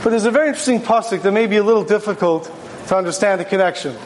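High-voiced man giving a lecture. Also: racing, noisy background. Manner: storytelling, poses rhetorical questions. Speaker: rabbi teaching a Torah class. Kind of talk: conversational religious lecture.

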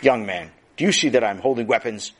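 A man voicing a gruff masked robber in a storybook tale, blunt and slow-witted. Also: mid-range voice, slight background noise, pitched below the performer's own voice, lightly acted.

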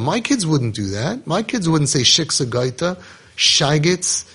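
A man's voice: on the high side, very animated, a little slow, fairly bright tone, husky. A man giving an impassioned Torah talk on parenting and judging others, acting out imagined dialogue with a raised voice. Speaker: parenting guide speaking on Torah teachings.

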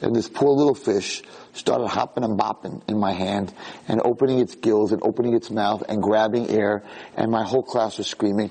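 A man, a rabbi, giving a Torah class sermon with animated stories and rhetorical questions. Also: on the low side, normal speed, slightly rough.

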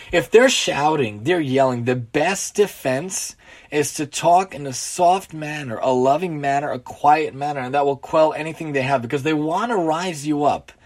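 A man telling a story and drawing a moral lesson from it, talking earnestly with a lot of repetition for emphasis. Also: a little high. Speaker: teacher of Musar lessons.

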